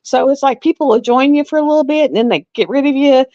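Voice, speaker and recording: Blunt, chatty high-voiced woman. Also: quick pace, a little mellow. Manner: chatty, blunt, drawling, repeats herself; slips into a higher voice when quoting herself. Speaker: live stream host. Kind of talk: casual chat. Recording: dry, dull lo-fi sound.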